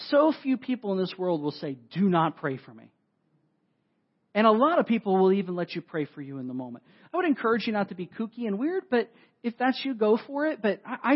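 A pastor preaches in a high, bright voice, spinning a story with animated, self-deprecating asides to his congregation. The recording is dull and lo-fi, as if from an older sound system. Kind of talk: sermon storytelling. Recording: dull lo-fi audio.

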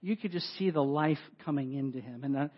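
High-voiced animated pastor. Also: male voice, brisk. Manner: animated, self-deprecating storyteller with asides to the congregation. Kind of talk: sermon storytelling. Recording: dull lo-fi audio.

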